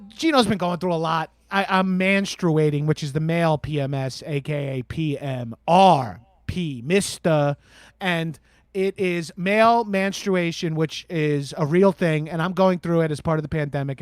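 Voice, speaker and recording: On an improvised comedy call-in show, a man plays a crude, boastful radio host with a Long Island accent, taking calls with swagger, constant swearing, and plenty of "bro." His voice is on the high side, smooth, at a moderate pace, and close to an everyday voice, with clean studio sound and no echo.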